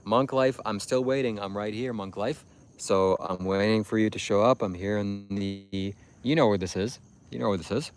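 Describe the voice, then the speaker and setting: Low-voiced man lecturing on a livestream. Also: normal speed, clear, resonant tone. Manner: preachy, insistent, repetitive lecturing. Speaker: livestream host. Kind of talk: livestream monologue addressing chat.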